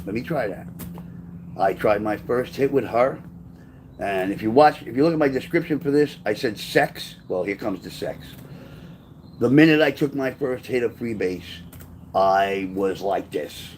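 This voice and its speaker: A man's voice: medium pitch, unhurried, darkish tone, a little hiss or hum. A man, from Brooklyn, rambling through blunt, profane memoir stories in a casual spoken style. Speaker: author telling his life story.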